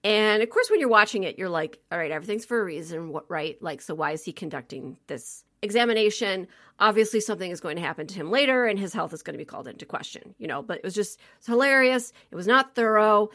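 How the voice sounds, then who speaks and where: A woman co-hosting a film podcast in casual chat, animated and laughing, with many fillers. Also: mid-range voice, fast. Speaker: podcast co-host reviewing a film.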